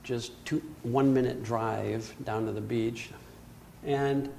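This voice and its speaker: An older man telling a personal story in an animated way, acting out his own panic. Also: medium pitch, slow pace, creaky, a little hiss or hum. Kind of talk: storytelling talk.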